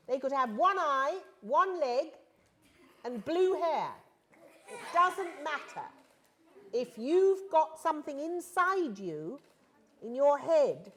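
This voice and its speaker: A woman actress visits a school and chats with the children in a playful, teasing way. Her voice sits high and swoops widely, and she speaks slowly. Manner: playful, self-mocking, teasing. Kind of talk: casual chat with schoolchildren.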